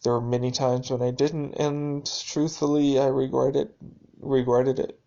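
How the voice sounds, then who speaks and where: A man speaking a reflective, halting personal video journal monologue, with restarts and dry sarcasm. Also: medium pitch, flat delivery, gravelly, mellow, highs cut off.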